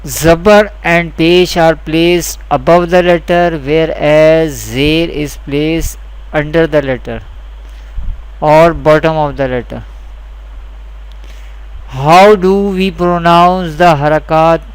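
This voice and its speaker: Slow, deliberate male Quran teacher. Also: on the high side, fairly even intonation, clear, resonant tone, low-quality recording. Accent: South Asian English. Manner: repeats each rule slowly and deliberately. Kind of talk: slow instructional lesson.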